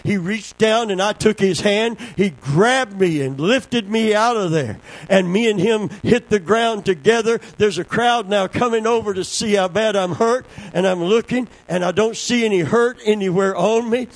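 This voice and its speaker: A man's voice: high voice, moderate pace, few pauses, dry recording, rough recording. A man preaching a sermon to his congregation, a fervent preacher telling a personal testimony and repeating key words for emphasis. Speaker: pastor.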